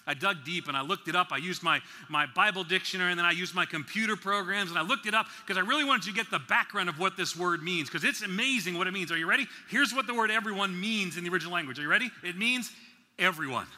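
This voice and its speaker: A man from the New York City area preaching at a conference, slowing down to stress key words and dropping in playful asides. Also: sits high, bright, forceful tone. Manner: slow deliberate emphasis, playful asides. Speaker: conference speaker. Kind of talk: sermon. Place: large conference hall. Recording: reverberant hall.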